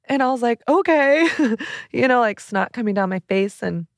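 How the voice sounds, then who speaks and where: Thirties woman, podcast host, candid confessional talk, mid-pitched, dry recording. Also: brisk, creaky, no room sound. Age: 30s. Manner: earnest, open, many "like" fillers. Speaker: podcast host and relationship coach.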